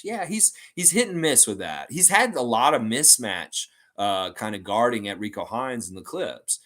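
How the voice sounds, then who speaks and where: Animated man hosting a fan livestream. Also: medium pitch, moderate pace, hardly any pauses. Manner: rambling and animated, with many fillers like "and stuff like that". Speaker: host of a fan channel livestream. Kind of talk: casual livestream chat, reading out viewer comments.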